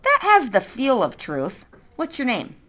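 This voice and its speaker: A woman's voice: fairly high pitch, wildly swooping pitch, unhurried, a bit bright, full character voice. A woman playing a sardonic, interrogating farm woman. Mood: probing. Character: sharp, probing middle-aged woman with a wooden leg.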